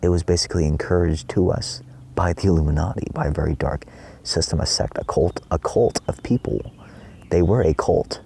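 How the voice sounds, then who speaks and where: A man's voice: low-pitched, fairly quick, creaky, mellow, slightly rough. A man giving a rambling spiritual monologue in his trailer, swearing often and acting out his own past cries. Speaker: spiritual vlogger.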